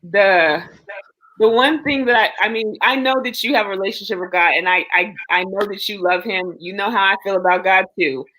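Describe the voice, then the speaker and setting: A woman speaks in an earnest, reassuring way in a relaxed conversation, giving long stretches of heartfelt encouragement. Her voice sits at an ordinary middle pitch. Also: normal speed, poor audio. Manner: earnest, reassuring, talks at length. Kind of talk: casual supportive chat.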